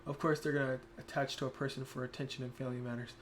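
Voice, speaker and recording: A young man streaming, talking casually and reflectively, turning soft-spoken when emotional. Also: mid-range voice, little pitch movement, racing, a little hiss or hum. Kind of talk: casual chat.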